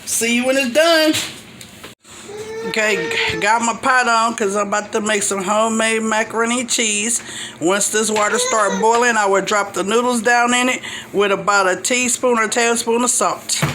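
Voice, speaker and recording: An older woman walks through a recipe in her kitchen, narrating each stage in a friendly, homespun manner for her cooking show. Her voice is on the high side and moderately paced, with the rattle of pots, dishes and cutlery in the background.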